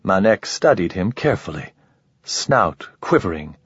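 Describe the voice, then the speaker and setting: A man with a low, husky voice reads a story in measured, dramatic narration. The room is dead dry, and the sound is slightly dull and lo-fi. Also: very animated, no echo. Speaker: audiobook narrator. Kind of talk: scripted narration.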